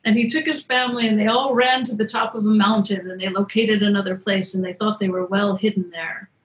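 A woman's voice: mid-range voice, fairly even intonation, a little fast, rough recording. A woman host telling a myth in a casual, wry and playful way, like chatting with friends. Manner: wry, conversational, playful retelling. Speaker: storyteller and podcast host. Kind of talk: casual mythology storytelling.

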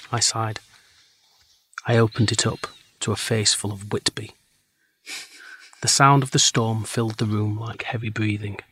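A man reading his own short story aloud to a group in a deadpan way, voicing the characters. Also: on the low side, slightly rough, no room sound, rough recording. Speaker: writing group member.

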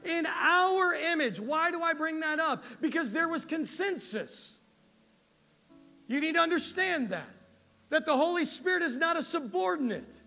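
A man pastor preaching a sermon in an animated, conversational way, often checking in with the congregation. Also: extremely high pitch, normal speed, creaky, long reverb tail, faint music behind. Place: church sanctuary.

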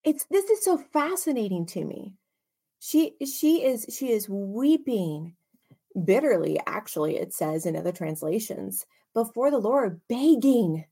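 Woman doing a laid-back bible study, slow and unhurried, lots of expression and little side comments. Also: medium pitch, slightly rough. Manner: expressive, with chatty asides. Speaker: Bible teacher. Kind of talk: casual Bible study teaching.

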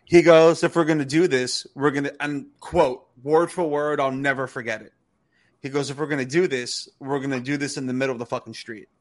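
A man co-hosting a wrestling podcast, telling a story in a casual, animated way with swearing and laughter. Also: medium pitch, a little fast. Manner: animated, profane, laughs through stories. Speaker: podcast co-host.

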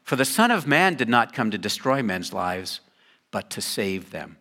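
Speaking at an ordinary speed, this older man is a pastor giving a sermon, loose and conversational, with humorous asides for the congregation. The tone is bright and sing-song, his pitch ranging far up and down.

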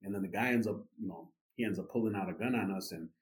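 Man, fairly low voice, casual storytelling, lots of fillers, podcast guest. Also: fast. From United States. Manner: animated, many fillers like "you know" and "right".

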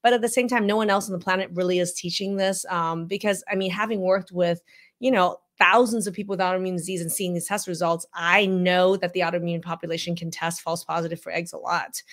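Emphatic female health practitioner, live reaction commentary, teacherly and animated. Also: lowish voice. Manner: frequent "okay?" check-ins. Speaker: functional medicine practitioner.

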